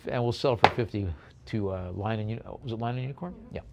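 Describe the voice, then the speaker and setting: Gravelly-voiced male auctioneer calling bids. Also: fairly low pitch, heavy background noise. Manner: brisk bid calling with chatty asides about lots. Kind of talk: live auction bid calling.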